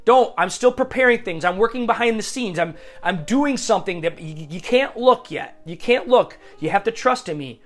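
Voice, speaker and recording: A man voicing God as a calm, patient, firm figure in a devotional talk, refusing gently. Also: high-pitched, normal speed, few pauses, faint music behind.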